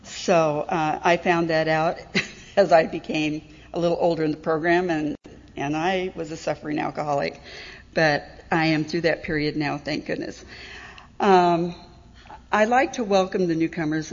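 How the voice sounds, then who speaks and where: A woman's voice: lowish voice, measured pace. Middle-aged woman, frank and self-mocking meeting speaker, dull recording with long hall reverb. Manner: candid, wry, self-deprecating, laughs often. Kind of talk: personal testimony talk.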